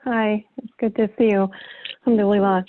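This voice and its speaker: A woman's voice: mid-range voice, steady tone, moderate pace, slight background noise. Hesitant woman asking over a phone line. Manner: hesitant, many ums, soft laughs. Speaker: student asking a question.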